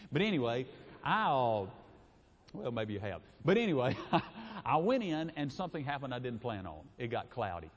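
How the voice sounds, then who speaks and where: A middle-aged man preaches in a homespun, storytelling way. His voice rises and falls in a lively sweep, with easy chuckles. The sound carries a long reverb from a large hall. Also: mid-range voice. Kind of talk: folksy sermon storytelling.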